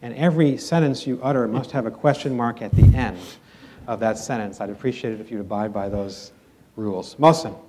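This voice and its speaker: Mellow-voiced man moderating a panel. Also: lowish voice, slight background noise. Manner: brisk, directive. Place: auditorium with audience.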